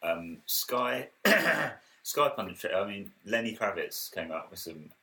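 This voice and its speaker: A man with a lowish voice chats as a co-host. His delivery is animated, swinging widely up and down, and he breaks into mock voices and giggles, his tone bright and forceful. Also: slow pace. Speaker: podcast co-host. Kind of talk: casual chat.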